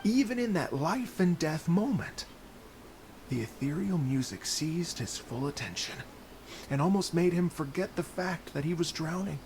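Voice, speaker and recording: A courteous traveling musician, with a slightly high voice carrying a gravelly edge. He speaks softly and politely, unfolding long stories at an easy storyteller's pace. A faint hiss sits behind the game audio. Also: animated, a little slow. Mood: storytelling. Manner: soft-spoken, storytelling.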